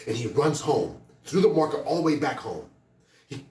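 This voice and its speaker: A man's voice: mid-range voice, lively intonation, brisk, warm tone, a little hiss or hum. A man speaking as a motivational speaker, animatedly telling a story to students and building to urgent emphasis. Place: school hall. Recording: echoey room from a distance.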